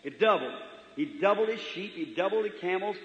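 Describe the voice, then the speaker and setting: A man preaching a sermon in a church hall, folksy in manner, swinging from loud to soft. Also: high voice, animated, brisk. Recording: echoey hall, dull 1950s tape recording.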